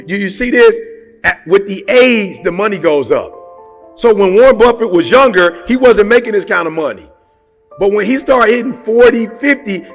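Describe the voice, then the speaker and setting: A man's voice: sits high, vocal fry, fairly bright tone. A man giving a motivational talk in a punchy, conversational way, full of rhetorical questions and casual slang. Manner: casual slang, repeats phrases for emphasis. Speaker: motivational speaker.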